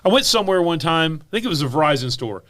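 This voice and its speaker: Man, podcast co-host, fast talker, bright edge, blunt, sarcastic. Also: fairly high pitch, sing-song. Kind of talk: casual chat. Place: podcast studio.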